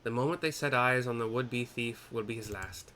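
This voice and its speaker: A man's voice: mid-range voice, moderate pace, sharp tone, slight background noise, close to an everyday voice. A man doing a pompous merchant with a loose Irish lilt. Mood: haughty. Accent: loose put-on Irish. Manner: haughty, dismissive. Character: pompous wealthy male merchant, small and protective. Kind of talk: game cutscene voice acting by a narrator.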